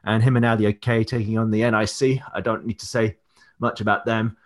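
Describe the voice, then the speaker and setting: A man's voice: lowish voice, little pitch movement, a little fast. A man on a casual podcast, a wrestler chatting loosely as he reels off an upcoming match card with plenty of fillers. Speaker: wrestler and promoter guest.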